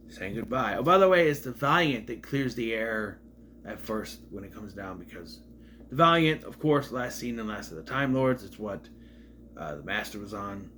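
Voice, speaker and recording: A man's voice: mid-range voice, sharp tone, slight background noise. Rambling man reviewing an episode. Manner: rambling, loose and digressive. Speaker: show reviewer. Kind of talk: casual episode retrospective.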